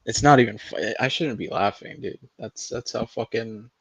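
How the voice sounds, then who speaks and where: A man's voice: medium pitch, normal speed, husky, no room sound, poor audio. A man hosting a casual livestream, laughing in disbelief, swearing and greeting his chat by name. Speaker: livestream host.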